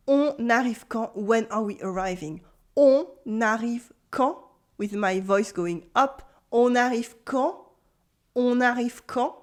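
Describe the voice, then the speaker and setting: A woman with a French accent, a native French speaker, giving an online language lesson and patiently repeating example phrases for practice. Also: a little high. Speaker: French teacher.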